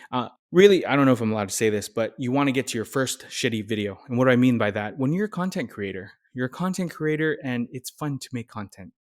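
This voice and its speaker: Energetic man coaching new creators. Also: mid-range voice. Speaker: nurse content creator. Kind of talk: casual how-to talk.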